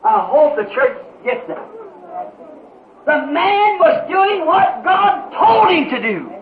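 A man preaching a sermon in an impassioned way, rising to shouts with dramatic pauses, on an old muffled tape. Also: very high-pitched, a little hiss or hum.

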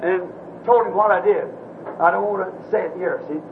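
Speaking at normal speed, a minister with a remarkably high voice delivers an impassioned sermon that drops to a hush and then climbs to shouting. A faint hiss runs under the dull, lo-fi recording.

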